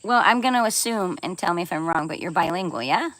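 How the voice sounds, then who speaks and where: A woman's voice: fairly low pitch, lively intonation, fast, a bit bright, no room sound, low-quality recording. A woman chatting casually on her live stream, playful and laughing often as she reads and answers viewer comments, swearing now and then.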